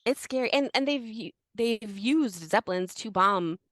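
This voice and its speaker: A young woman co-hosting a casual history podcast, animated and full of fillers. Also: fairly high pitch, unhurried, no echo. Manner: animated, many fillers and restarts. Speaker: podcast co-host.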